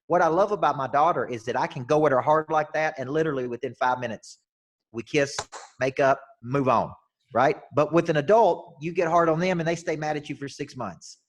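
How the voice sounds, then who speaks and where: A man's voice: on the high side, brisk. A man from the United States, a business coach talking as a podcast guest, tells stories emphatically and often repeats his first words as he starts a sentence. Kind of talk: energetic storytelling in a podcast interview.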